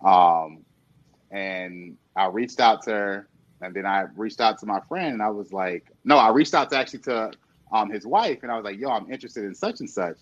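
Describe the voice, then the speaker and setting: A man in casual chat, telling an animated story full of quoted dialogue and laughter. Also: fairly low pitch, normal speed, muffled recording.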